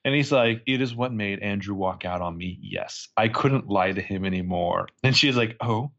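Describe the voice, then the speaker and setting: A man co-hosting a casual podcast, recapping scenes with quick quoted asides and swearing. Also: lowish voice, fairly bright tone, lo-fi sound. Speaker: podcast co-host recapping a show.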